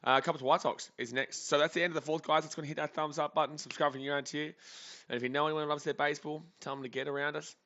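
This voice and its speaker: Bright, chatty man streaming. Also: fairly high pitch, steady tone, very fast, dull audio. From Australia. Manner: chatty, rambling, jokey. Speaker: sports streamer. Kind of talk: live game reaction commentary.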